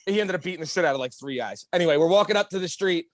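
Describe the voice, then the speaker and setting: Fast-talking, profane storytelling man. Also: on the high side, no echo, clean studio sound. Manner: fast, profane, animated storytelling with acted-out quotes. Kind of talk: casual storytelling chat.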